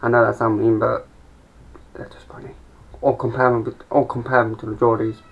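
Rambling sweary young Englishman, gravelly. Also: medium pitch, level tone, brisk. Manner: rambling, sweary, mumbling asides. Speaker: amateur comedian. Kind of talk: rambling stand-up monologue. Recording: dull lo-fi home recording.

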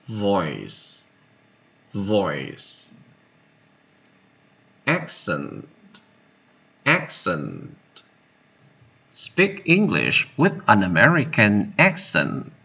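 A man reads out vocabulary words with a bright, gravelly edge and pitch that swings widely from word to word. He goes very slowly, repeating each word with long pauses between them. The recording sounds dull and lo-fi. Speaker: vocabulary reader. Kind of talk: slow word-by-word vocabulary reading.

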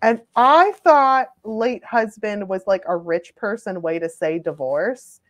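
A young adult woman telling funny personal stories in a casual, animated chat, full of "like" fillers. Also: medium pitch, slow pace. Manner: chatty, filler-heavy, animated.

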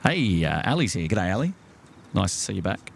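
An Australian man talks easily as he hosts a night-time live stream from a waterfront jetty. He greets viewers one by one in a relaxed, conversational way, with frequent fillers and restarts. A faint outdoor noise sits behind his voice. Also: low-pitched, normal speed, gravelly. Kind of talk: casual live stream chat.

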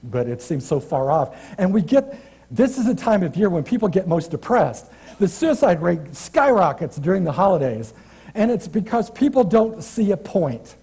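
Husky, dark-voiced male preacher. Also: sits high, big pitch swings, normal speed. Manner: chatty, self-deprecating, restarts often. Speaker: guest preacher. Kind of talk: informal church sermon. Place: church sanctuary.

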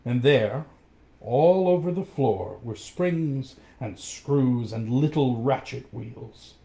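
A man reading a storybook aloud, expressive and acting out each character. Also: medium pitch, slow.

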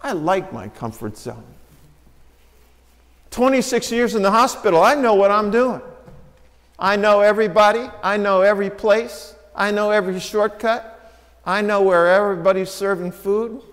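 A high-pitched man preaching to his congregation in a church sanctuary. His voice rings with a long reverb tail off the walls. He tells the story lively, dropping soft and low for quotes and rising again. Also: moderate pace. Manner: storytelling, acts out quoted lines with shifting pitch and volume. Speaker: pastor. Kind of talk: sermon.

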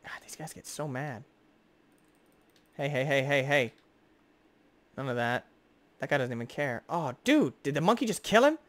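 A young man giving excitable, jokey gameplay commentary as host, chatting to the creatures on screen. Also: mid-range voice, normal speed, pauses often. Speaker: gaming video host.

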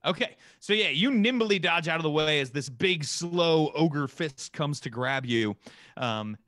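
A man narrates a tabletop game as game master in a casual, lively way. His voice is bright and a bit high, and the recording is dry and close. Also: unhurried, no room sound.

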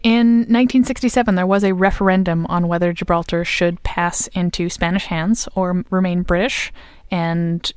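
A woman's voice: lowish voice, fairly even intonation, moderate pace, hardly any pauses, a little mellow, clear, resonant tone, no room sound, studio quality. A woman co-hosting a casual history podcast, explaining at length with plenty of ums and uhs. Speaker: podcast co-host.

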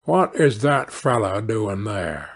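A gullible miller who marvels at everything, as a man puts him on. Low, drawn-out and husky in tone. Storybook audiobook voice work. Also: big pitch swings, full character voice. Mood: amazed. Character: gullible, greedy male miller, easily amazed.

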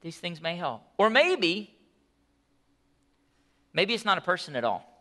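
A man preaching a sermon as pastor, telling the story in an animated, conversational way with asides. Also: sits high, measured pace.

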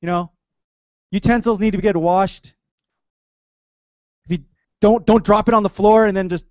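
High-voiced man preaching with playful energy. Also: measured pace, pauses often, dry recording. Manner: animated, conversational preaching with playful asides. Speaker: pastor. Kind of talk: sermon. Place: church.

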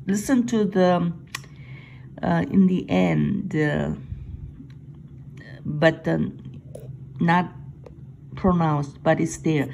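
A middle-aged woman with a Korean accent leads a Korean alphabet lesson, speaking very slowly and with patience. Her voice carries a gravelly edge. A faint noise hums under the recording. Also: on the low side, low-quality recording. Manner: patient, repeats sounds slowly and stresses them. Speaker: language teacher.

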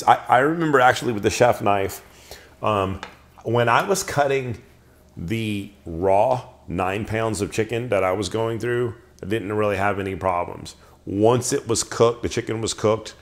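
Lower-voiced man chatting casually about knives. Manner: chatty, filler-heavy, restarts sentences. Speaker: knife reviewer hosting the show. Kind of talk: casual product review.

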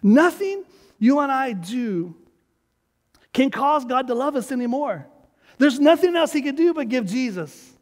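A man's voice: very high-pitched, very animated, measured pace. A man preaching a sermon as pastor, emphatic and urging the congregation to repeat his words. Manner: emphatic, urges the congregation to repeat after him. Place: church sanctuary. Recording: long hall reverb of a church sanctuary.

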